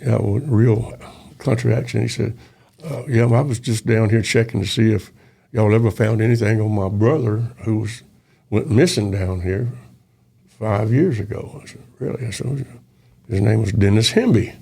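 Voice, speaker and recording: An older former police officer tells a story in a casual interview, his gravelly, fairly low voice dark in tone and moving at a moderate pace. He's folksy and acts out the dialogue in quoted voices.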